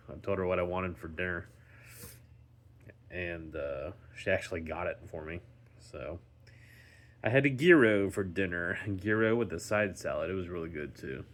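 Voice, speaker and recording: A man talking casually in a daily vlog, rambling slowly with many ums and restarts while recovering at home and sounding tired. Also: sits low, a bit bright. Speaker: vlogger.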